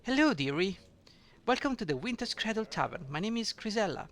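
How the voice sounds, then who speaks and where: A man's voice: high voice, sing-song, brisk, pitched above the performer's own voice. A man playing a fussy tavern keeper lady. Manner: fussy, calls the listener dearie. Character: fussy middle-aged woman tavern keeper, sweet, afraid of bugs. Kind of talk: reading game dialogue aloud.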